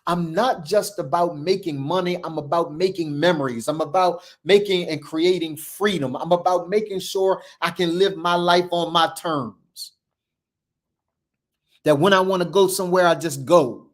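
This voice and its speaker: With a moderate pace, the host of a show gives a passionate motivational speech. His cadence is emphatic, repetitive and preacher-like, alternating between loud declarations and low, hushed moments.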